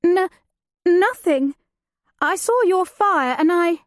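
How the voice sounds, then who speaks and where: A woman's voice: extremely high pitch, animated, slow pace, dry recording, studio quality, voice pushed up, heavily acted. Woman voicing a frightened, stammering young lady. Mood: panicked. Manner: panicked, stammering. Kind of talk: audiobook character voice.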